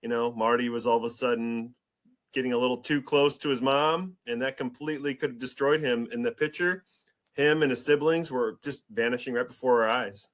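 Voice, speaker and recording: Excitable male sports podcast host. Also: mid-range voice, fairly quick. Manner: excitable, hype-building, rambling. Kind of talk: casual sports podcast chat.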